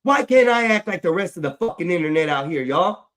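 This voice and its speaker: A man with a fairly high voice rants into his livestream mic. He swears constantly, circles back over the same complaints and sounds fed up. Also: expressive, fairly quick, fairly bright tone. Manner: swears heavily, repeats himself, frustrated. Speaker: livestream host. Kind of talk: angry livestream rant.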